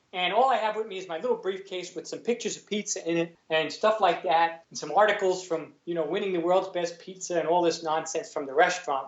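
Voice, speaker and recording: A middle-aged man with a New York accent, a guest telling a story in animated, chatty fashion, acting out other people's lines and laughing often. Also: high-pitched. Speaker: guest, actor and former police sergeant. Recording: roomy, slightly dull lo-fi sound.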